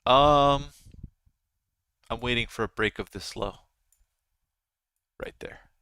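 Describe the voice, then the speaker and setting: A man's voice: medium pitch, slow, sharp tone, smooth, no room sound. A man in his thirties hosting a live trading stream, chatting casually with his viewers as he comments. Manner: chatty, talks to viewers and chat. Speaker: livestream trading host.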